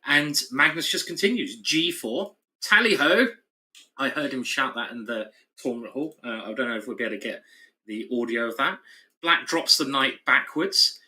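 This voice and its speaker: A man's voice: mid-range voice, animated, moderate pace, sharp tone, rough recording. A man giving live chess commentary, thinking aloud through the moves with an analytical, playful manner.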